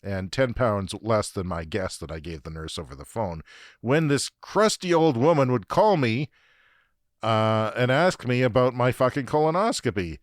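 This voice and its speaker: A man's voice: medium pitch, lively intonation, moderate pace, dry recording, clean studio sound. A Canadian man hosting a podcast and telling a comic story in a profane, ranting, self-deprecating way. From Saskatchewan, Canada. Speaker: podcast host. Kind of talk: comedic storytelling monologue.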